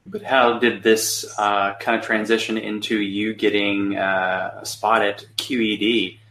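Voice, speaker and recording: A man's voice: lowish voice, flat delivery, measured pace, fairly bright tone. A man hosting a podcast, chatting in a conversational, somewhat hesitant way. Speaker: podcast host. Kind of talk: casual chat. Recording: roomy echo.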